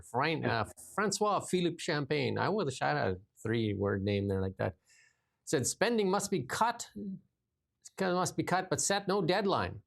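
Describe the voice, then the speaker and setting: A man's voice: fairly high pitch, vocal fry. A man hosting casual political commentary, reading news items aloud and mocking them sarcastically. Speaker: podcast host.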